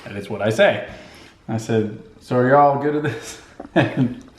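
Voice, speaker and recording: A man's voice: medium pitch, measured pace, slight background noise. A man from Texas chatting casually at home, chiming in easily and laughing as he tells stories. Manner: easygoing, chiming in, laughs while telling. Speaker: husband, father. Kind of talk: casual chat. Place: family home, indoors. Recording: echoey room.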